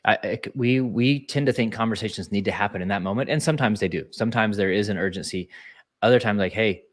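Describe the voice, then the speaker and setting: A man's voice: on the low side, quick pace. A man speaking as a leadership speaker in a casual webinar, talking earnestly in a coaching way with frequent restarts.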